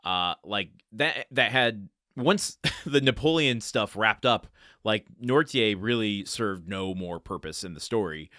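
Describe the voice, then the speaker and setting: A low-voiced man hosting a book podcast, reading passages and then musing aloud with plenty of restarts and asides. The recording is dry and close. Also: animated, a little slow, sharp tone, dry recording. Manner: rambling, self-interrupting, thinking aloud. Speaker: podcast host.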